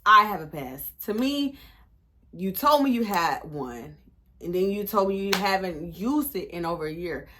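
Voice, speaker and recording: A woman, animated and sassy, acting out the back-and-forth of a conversation. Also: mid-range voice, unhurried. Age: 20s. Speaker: vlogger. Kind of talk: storytime vlog.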